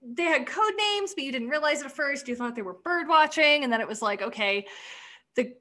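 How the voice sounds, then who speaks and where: A woman's voice: sits high, expressive, brisk, bright, forceful tone. A woman in casual podcast chat, rambling through a sketch recap, swearing freely and acting out quoted lines. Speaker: podcast co-host.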